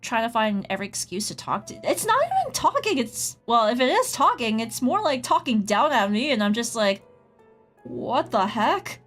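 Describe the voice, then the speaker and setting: Higher-voiced woman rambling casually on stream. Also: very animated, brisk, few pauses, fairly bright tone. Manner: rambling storytelling, heavy use of "like"; greets chatters mid-story. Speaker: streamer and artist. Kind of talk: casual chat while drawing on stream. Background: faint background music.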